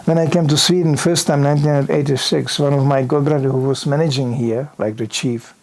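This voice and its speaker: A man's voice: medium pitch, fairly quick. An older man giving a sermon in a temple hall, spinning a vivid anecdote. He talks loosely and conversationally, dotted with "you know", and acts out the bumps and noises he describes. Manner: lively anecdotal telling with many "you know" asides and acted-out sound effects. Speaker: visiting preacher. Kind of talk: storytelling sermon.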